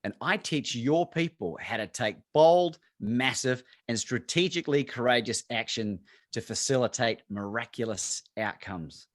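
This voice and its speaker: Animated Australian man telling a story. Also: medium pitch, a little slow, hardly any pauses, no echo, studio quality. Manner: animated storyteller acting out both sides of phone calls. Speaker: guest speaker, courage coach. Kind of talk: storytelling talk on a video call.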